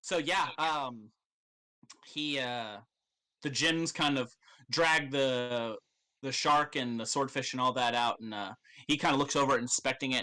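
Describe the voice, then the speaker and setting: A man runs a tabletop role-playing game in a bright, easygoing voice. He narrates casually and rambles, with plenty of filler and swearing. He laughs often as he talks. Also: mid-range voice. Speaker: game master.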